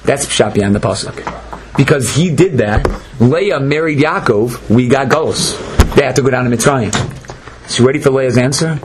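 A man's voice: mid-range voice, moderate pace. A man teaching a Torah lesson in an emphatic, dramatic way, often acting out the people in the story. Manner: emphatic, dramatic, acts out quotes. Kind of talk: animated Torah lecture. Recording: noisy lecture recording.

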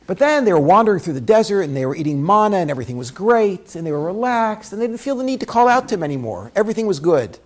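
A man teaching a Torah lesson through a dramatic story, swinging between loud bursts and hushed asides. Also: high voice, very animated, quick pace.

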